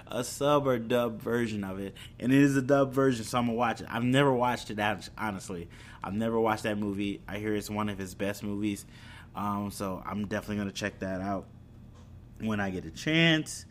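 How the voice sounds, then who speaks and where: A man's voice: fairly low pitch, normal speed, a little hiss or hum. A man chatting casually about anime and streaming apps, rambling and correcting himself as he goes. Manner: rambling, self-correcting, laughs at own slips. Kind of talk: casual chat.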